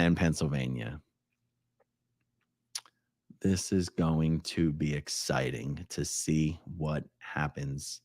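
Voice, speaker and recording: A man hosting a casual live stream, his pitch leaping around as he chats and jokes. He reads viewer comments out loud, shifting from loud exclamations to quiet mumbled asides. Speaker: livestream host.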